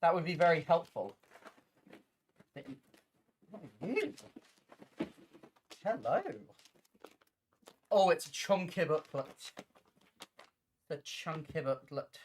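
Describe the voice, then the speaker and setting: A woman chatting on a casual livestream from her home floor at night, loud, scattered and giggly as she talks. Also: sits low, a little slow, long pauses, a little hiss or hum.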